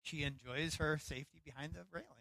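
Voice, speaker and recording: A middle-aged man pastor preaching a sermon, telling a personal story with lively acted-out quotes. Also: on the high side, fast, gravelly, dry recording, poor audio. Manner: storytelling, animated, acts out quotes.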